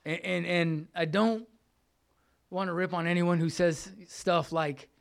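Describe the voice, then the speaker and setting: Gravelly-voiced middle-aged man sharing his story. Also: sits high, steady tone, measured pace. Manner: casual and heartfelt, repeats phrases, says "man" often. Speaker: speaker sharing at a recovery meeting. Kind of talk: personal recovery testimony.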